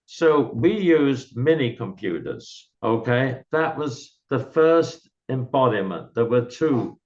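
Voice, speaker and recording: An older man, a guest in an interview, recalls his career in a measured, explanatory way. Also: mid-range voice, big pitch swings, darkish tone. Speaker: guest, software founder. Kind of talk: candid reminiscing interview. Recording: slightly dull lo-fi recording.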